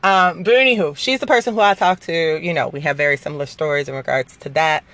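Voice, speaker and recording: A woman's voice: sits low, fast talker, a bit bright, no room sound. A woman in her forties telling a personal story in a casual, profane, rambling way, full of fillers. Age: 40s.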